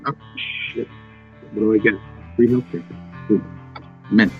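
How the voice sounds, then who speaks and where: A man on a live podcast stream, trading deadpan jokes with the host in casual chat. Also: on the low side, measured pace, vocal fry, dull audio, faint music behind. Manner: deadpan, joking. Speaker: guest on the livestream.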